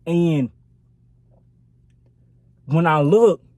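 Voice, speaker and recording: A man's voice: a little high, drawn-out words, darkish tone, dry recording. A young man telling a storytime vlog into his phone in a rambling, profane, filler-laden way. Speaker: vlogger. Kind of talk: casual storytime.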